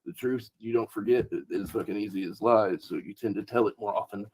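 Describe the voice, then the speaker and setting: A man's voice: fairly low pitch, brisk, a little mellow. Blunt, cursing man on a livestream. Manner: blunt, swears a lot, stammering restarts. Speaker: livestream co-host. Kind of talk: casual livestream chat.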